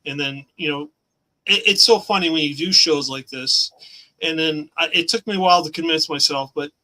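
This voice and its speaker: A middle-aged man with a bright, forceful voice, sitting slightly higher in pitch than most men. He talks with rambling enthusiasm and laughs often, as a guest on a remote chat show. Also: normal speed, poor audio. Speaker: guest comic creator. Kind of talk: casual interview chat.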